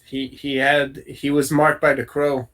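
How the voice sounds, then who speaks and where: A man's voice: mid-range voice, flat delivery, measured pace, fairly bright tone, low-quality recording. A man narrating a tabletop game as game master, describing scenes with a lot of hesitation and fillers. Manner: hesitant, many fillers and restarts while describing.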